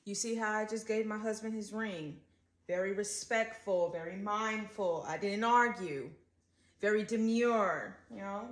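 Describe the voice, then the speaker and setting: A wife talks in a playful, quick-witted way in a room with a clear echo. Her voice sits at an average pitch. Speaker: wife in a social media clip.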